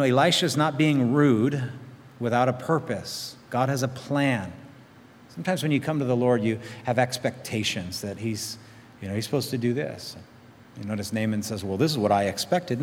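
Male pastor, sermon, animated quoted voices, echoing sanctuary. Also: mid-range voice. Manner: preaching with acted-out quotes and rising emphasis.

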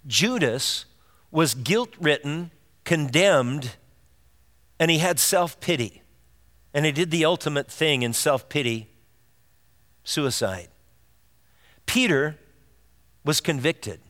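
A man's voice: on the high side, a bit bright. A man preaching a sermon as pastor, earnest and direct, asking his listeners rhetorical questions. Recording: long reverb of a large hall.

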